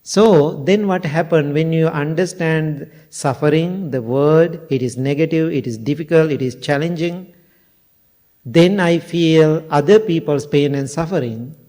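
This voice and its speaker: Slow, mellow older monk giving a talk. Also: male voice, a little high. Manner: slow, plain and earnest, with simple broken grammar and questions to the audience. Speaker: Buddhist monk and teacher. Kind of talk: dharma talk to a temple audience.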